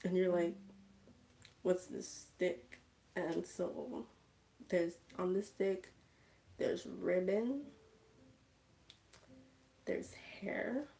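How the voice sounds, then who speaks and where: A woman's voice: lowish voice, extremely slow, creaky, pauses often, noisy background. A woman casually recapping a movie on a livestream, chatty and full of "like" fillers. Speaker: streamer.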